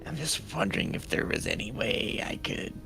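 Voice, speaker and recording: A man playing a tabletop game, speaking hesitantly with halting restarts. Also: lowish voice, wildly swooping pitch, vocal fry, over music. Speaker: player. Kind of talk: casual tabletop play.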